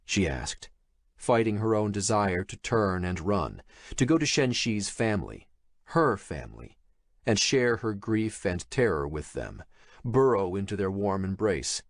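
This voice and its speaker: A male narrator reading a thriller audiobook in a measured, expressive storytelling manner. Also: lowish voice, no room sound, clean studio sound. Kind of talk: scripted horror thriller narration.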